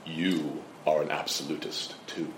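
A man imitating a measured, icy older commentator with a put-on British accent, speaking slowly and quietly. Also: extremely low pitch, flat delivery, crowd noise, voice pushed down. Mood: coolly cutting. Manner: slow, hushed, pointed delivery. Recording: roomy echo.

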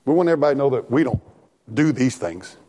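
A man preaching an animated, folksy sermon in church, talking back and forth with the congregation and laughing along. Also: mid-range voice, quick pace. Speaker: pastor.

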